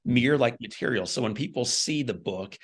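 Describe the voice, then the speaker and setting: A middle-aged man from Missouri, a guest telling a personal story with animated, dramatic delivery. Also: medium pitch, a little fast, slightly rough. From Missouri, USA.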